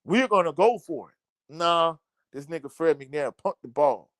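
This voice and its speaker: A man's voice: on the high side, lively intonation, unhurried, fairly bright tone, dry recording. A man giving a casual, blunt postgame reaction from home, exasperated and repeating himself. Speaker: sports channel host. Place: home, indoors.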